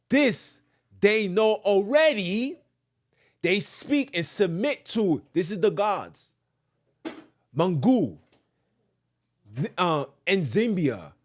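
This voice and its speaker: Animated ranting podcast host, man. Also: sits high, takes it slowly, pauses often. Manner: animated, ranting, repeats phrases, jokes. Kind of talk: animated podcast commentary and reading aloud.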